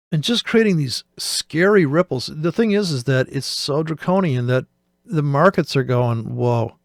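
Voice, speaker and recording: A man's voice: a little high, dry recording, clean studio sound. A man hosting a show, giving rambling, sarcastic, profane commentary while reacting to a video. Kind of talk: casual commentary.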